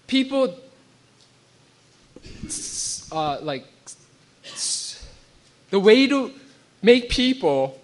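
A pastor preaching a sermon in a conversational way, often restarting and checking in with "right?". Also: male voice, a little high. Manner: acts out quoted voices with bursts of laughter.

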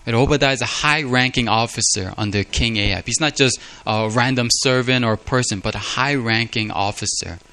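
A man's voice: medium pitch, brisk, hardly any pauses, pushed and bright, smooth. A man preaching a sermon in an earnest, confessional way, often repeating words as he speaks. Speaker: pastor.

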